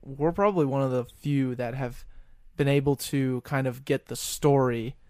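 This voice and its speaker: A man hosting a podcast, asking rambling, halting questions full of restarts. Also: mid-range voice, fairly even intonation, a little mellow, no room sound. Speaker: podcast host. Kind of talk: casual chat.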